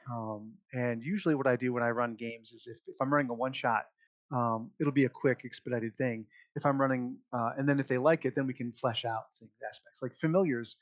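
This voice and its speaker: A man's voice: mid-range voice, no echo, highs cut off. A man acting as game master, casually explaining character creation and rules with lots of fillers and laughs. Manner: relaxed, chatty, many fillers, laughs often.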